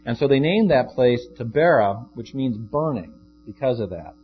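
A man's voice: mid-range voice, lively intonation, moderate pace. A man preaching a sermon as a pastor in a conversational, storytelling way. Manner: conversational, shifts into acted quotes. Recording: dull lo-fi with faint guitar.

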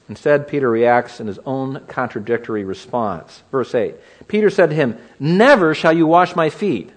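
A man's voice: on the high side, big pitch swings, normal speed, few pauses. A man preaching an expository sermon, teaching verse by verse and asking the listeners rhetorical questions.

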